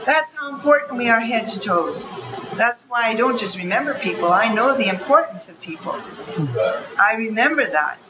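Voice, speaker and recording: An older woman, a spiritual elder, telling stories in an earnest way, laughing often and quoting herself in lively voices. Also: a little high, moderate pace, crowd noise, noisy background. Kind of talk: reflective storytelling. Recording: loud music behind the voice.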